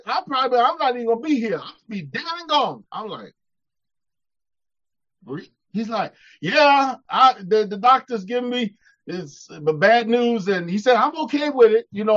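A man preaching a sermon, emphatic, telling a personal story and calling out to his congregation. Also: very high-pitched. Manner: emphatic, calls out "hello" to the congregation. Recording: dull lo-fi sound.

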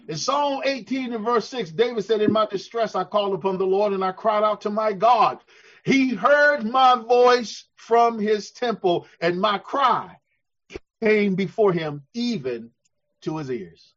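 A male pastor with a high-pitched voice preaches a sermon using call-and-response, swelling into fervent shouts and then dropping to soft, slow passages. The audio sounds dull and lo-fi.

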